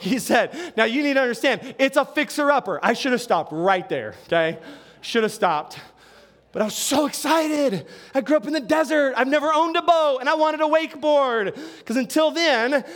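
High-voiced man preaching conversationally. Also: fairly bright tone. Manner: storytelling, conversational, frequent asides and restarts. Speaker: pastor. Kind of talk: sermon.

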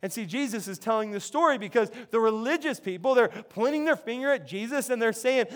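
High-voiced man preaching a sermon. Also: a little fast, few pauses, a bit bright. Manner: conversational, frequent word repetitions and restarts. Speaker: pastor.

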